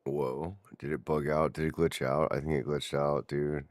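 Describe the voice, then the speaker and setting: A man's voice: very deep voice, flat delivery, normal speed, no room sound. A man streaming a game, chatting casually with viewers and swearing offhand as he plays. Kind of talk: casual gameplay commentary.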